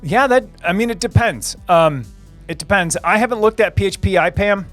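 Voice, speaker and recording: A man's voice: high voice, normal speed, a bit bright, soft background music. Rambling upbeat male tech streamer. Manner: rambling, repeats phrases, many fillers and restarts. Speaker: livestream host. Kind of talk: casual livestream chat answering viewers.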